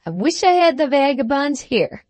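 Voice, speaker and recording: A woman's voice: high-pitched, big pitch swings, moderate pace, a little mellow, no room sound, voice pushed up. A woman voicing a fierce, pompous little captain who blusters and roars at his servants. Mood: blustering. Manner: blustering, roaring, wrathful.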